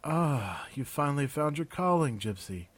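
A man's voice: fairly high pitch, sing-song, moderate pace, breathy edge, no echo, pitched above the performer's own voice. A man voicing a wounded young woman scout who speaks faintly and sleepily with dry teasing.

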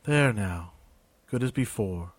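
A man voicing a kindly male healer who talks gently, slowly and reassuringly. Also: lowish voice, expressive, no echo. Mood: soothing.

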